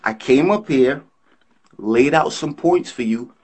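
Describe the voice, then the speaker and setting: A man's voice: takes it slowly, husky. A man calling in to a live show, insistently arguing his points and trying to talk over the host. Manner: insistent, talks over others, lively pitch. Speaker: caller. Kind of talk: heated argument on a call.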